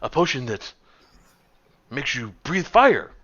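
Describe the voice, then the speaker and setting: A man voicing a scatterbrained, excitable female potion-shop owner who repeats herself eagerly. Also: mid-range voice, takes it slowly, muffled recording, a little hiss or hum.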